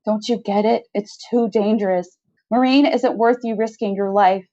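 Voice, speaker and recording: A woman's voice: mid-range voice, steady tone, moderate pace, mellow, close to an everyday voice. A woman voicing a male office worker who pleads urgently and insistently, heard on a slightly dull lo-fi recording.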